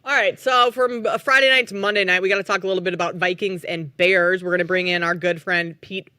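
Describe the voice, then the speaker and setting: A man from Minnesota with a high, bright, forceful voice co-hosts a casual sports talk show. He talks in an easygoing way and moves the talk along from topic to topic, close and dry on the mic. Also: steady tone, fast talker, clear, resonant tone, no room sound. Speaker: co-host.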